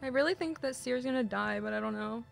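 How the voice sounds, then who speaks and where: A young woman streaming a video game, reacting excitedly, swearing and shrieking in surprise. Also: fairly high pitch, fast, creaky. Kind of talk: live gameplay reactions. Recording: game music loud behind her.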